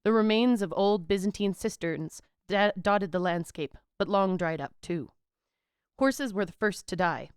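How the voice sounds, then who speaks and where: A woman narrating history for a podcast in a loose, irreverent way, full of slang and small stumbles. Her voice is smooth and clean. It sits dry and close on the mic. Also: medium pitch, measured pace, no room sound. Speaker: podcast co-host.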